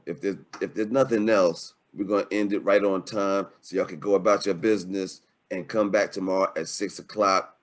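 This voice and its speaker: A man hosting a live online webinar, talking in an emphatic, excitable, slangy way. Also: low-pitched. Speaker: webinar host.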